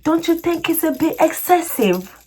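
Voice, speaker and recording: A woman's voice: very high voice, expressive, normal speed, warm tone, voice pushed up. A woman putting on a mock British accent to play an indignant shopper complaining about a price. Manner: over-the-top, breaking into laughter.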